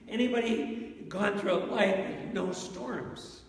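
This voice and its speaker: An unhurried male pastor with a high, gravelly voice, preaching to a congregation and pausing to ask them questions. His voice rings through a large church with a long reverb tail. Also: far from the mic. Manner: asks the congregation questions, storytelling. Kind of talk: interactive sermon. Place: church sanctuary.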